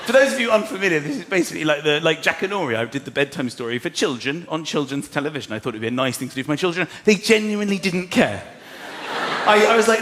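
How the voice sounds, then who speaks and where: A man in his thirties performing a stand-up comedy routine, acting out exasperated voices and shouting lines. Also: sits high, animated, brisk, noisy background. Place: large theatre stage before a live audience. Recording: roomy live theatre with crowd laughter.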